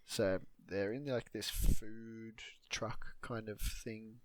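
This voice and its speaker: Deep-voiced man in casual chat. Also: steady tone, takes it slowly, no room sound. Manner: rambling, loose retelling with fillers and swearing. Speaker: podcast co-host recapping a film.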